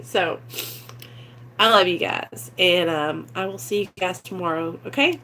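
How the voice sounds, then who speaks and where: A woman's voice: lowish voice, unhurried, sharp tone, a little hiss or hum. A woman vlogging in a casual, emotional chat to camera, close to tears, gushing and rambling with many fillers, with a Midwestern American accent. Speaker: vlogger in recovery.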